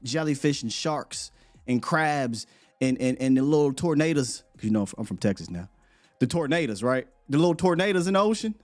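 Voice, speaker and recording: A man hosting a live morning sports show, talking in an animated, rambling way and laughing often. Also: medium pitch, normal speed, soft background music. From United States.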